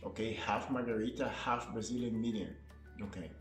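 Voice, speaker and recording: A man's voice: on the low side, fairly even intonation, moderate pace, faint music behind. A man in a casual skit, talking hesitantly and indecisively.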